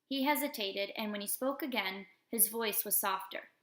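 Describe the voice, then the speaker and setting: A woman's voice: mid-range voice, normal speed, few pauses, a bit bright. A woman reading a novel aloud and voicing its characters, and she sometimes breaks off to talk to her pets. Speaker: audiobook reader. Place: room in a manor house. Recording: echoey room.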